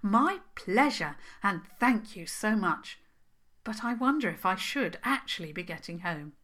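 A woman voicing a kind, brave young princess in a storybook reading, her voice lifted and bright. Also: medium pitch, lively intonation, measured pace. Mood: friendly.

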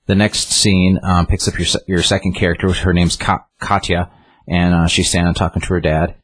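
A man's voice: low-pitched, level tone, moderate pace, slightly rough. A man casually retelling a book's story in a rambling way, with many restarts and fillers. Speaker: book reviewer.

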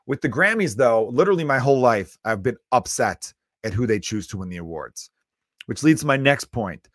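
A man's voice: mid-range voice, animated, moderate pace, no room sound, clean studio sound. A man in his thirties hosting a solo comedy podcast, ranting bluntly with lots of swearing. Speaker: podcast host.

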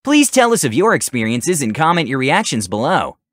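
A man narrating a scripted tabletop game story in an animated way, putting on voices for characters. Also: medium pitch, moderate pace, dry recording, clean studio sound.

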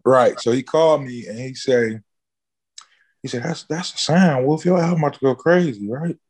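A man telling a wild story, animated and profane. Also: moderate pace, breathy edge. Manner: animated, swears freely, acts out quotes with jumps in pitch. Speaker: interview guest, musician. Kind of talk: casual storytelling interview.

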